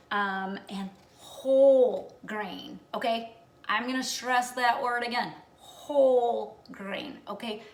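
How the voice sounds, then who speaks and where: A woman's voice: mid-range voice, fairly bright tone. Chatty woman coaching from her echoey kitchen. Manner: chatty, keeps checking in with "okay?"; homey, self-deprecating humor. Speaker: plant-based diet challenge host. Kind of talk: casual instructional vlog. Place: home kitchen. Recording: echoey room, voice far from mic, faint room noise.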